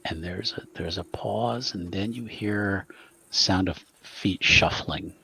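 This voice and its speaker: Low gravelly game master. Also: male voice, sharp tone. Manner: halting, many fillers and restarts. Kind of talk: narrating a tabletop horror game.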